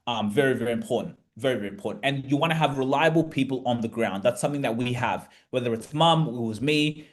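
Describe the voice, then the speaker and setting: A man hosting an investment webinar, talking in a casual, animated and passionate way, now and then swearing. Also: mid-range voice, quick pace, few pauses. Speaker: webinar host.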